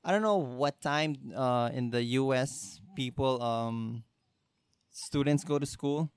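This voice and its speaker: A man's voice: medium pitch, takes it slowly, clear, resonant tone, dry recording, clean studio sound. A young man from the Philippines with a Filipino English accent, telling rambling, profane comedic stories and laughing at them. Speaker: podcast host. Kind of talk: casual comedic monologue.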